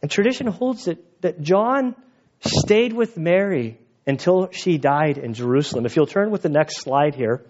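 This pastor's voice sits a little high and comes across animated and slightly mellow, moving at a moderate pace through a muffled recording. He is delivering an outdoor sermon at a church gathering, spinning stories in a chatty way that turns emotional at times.

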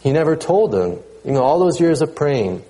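A man preaching a sermon in a relaxed, conversational way, often repeating words and pausing on fillers. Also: a little high, low-quality recording. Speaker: pastor.

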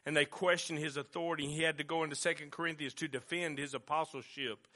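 A male pastor, preaching a sermon with passion, dropping to a hush and then rising loud again. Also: fairly high pitch, fairly even intonation, fast. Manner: impassioned preaching, swinging from hushed to loud.

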